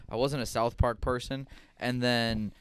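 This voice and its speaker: A man's voice: medium pitch, level tone, measured pace, clear, resonant tone. A young adult man co-hosting a podcast, telling rambling stories in a laid-back, casual way. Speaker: podcast co-host. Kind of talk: casual chat.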